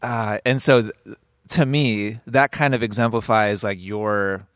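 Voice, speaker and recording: A man's voice: fairly low pitch, fairly even intonation, a little slow, a bit bright, no echo, studio quality. A man hosting a casual chat about coaching, rambling and thinking aloud.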